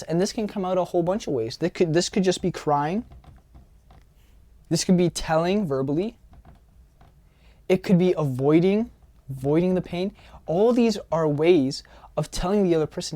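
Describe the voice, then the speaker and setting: A man's voice: on the high side, expressive, moderate pace, warm tone, no echo. A man giving an earnest self-help talk as a coach, often repeating phrases for emphasis. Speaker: social skills coach.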